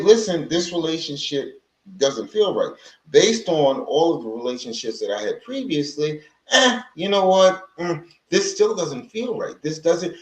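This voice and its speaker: A man's voice: mid-range voice, roomy sound, poor audio. A man hosting a casual livestream about healing, talking in a rambling, conversational way with many restarts and stopping to greet viewers from the chat. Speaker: livestream host on healing from narcissistic abuse. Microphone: livestream microphone.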